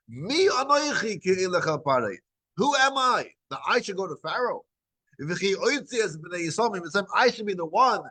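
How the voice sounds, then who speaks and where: A man's voice: high voice, rough recording. Man teaching a scripture class. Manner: retells scripture as lively dialogue, frequent restarts.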